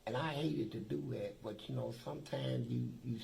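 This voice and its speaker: A man's voice: mid-range voice, moderate pace, gravelly, darkish tone, slight background noise, rough recording. A man from Kentucky telling profane, streetwise stories in casual talk as an interview guest, acting out the dialogue. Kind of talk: casual storytelling.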